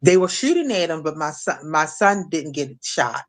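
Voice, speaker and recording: Woman telling her story haltingly. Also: low voice, very animated. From Maryland. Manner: halting, repeats words, acts out quoted voices. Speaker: guest, shooting survivor. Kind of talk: emotional personal testimony.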